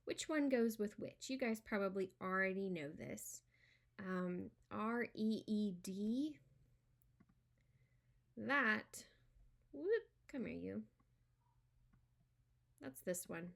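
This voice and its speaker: With an expressive, mid-range voice, a woman leads a homeschool spelling lesson. She starts with a playful make-believe phone call, then reads out the words slowly and clearly.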